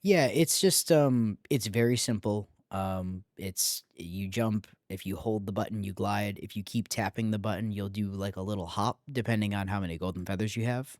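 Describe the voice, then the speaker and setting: A man with a fairly low voice co-hosts a casual podcast chat. He rambles with plenty of filler sounds, and the sound is dry and close. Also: normal speed, hardly any pauses, darkish tone, no room sound. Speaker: podcast co-host.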